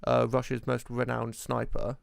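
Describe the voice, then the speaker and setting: A man with a gravelly yet smooth, resonant voice, talking in a relaxed podcast conversation. He hesitates often and fills the gaps with ums. The sound is dry and close. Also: mid-range voice, no room sound. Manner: hesitant, halting with many ums. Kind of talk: casual chat.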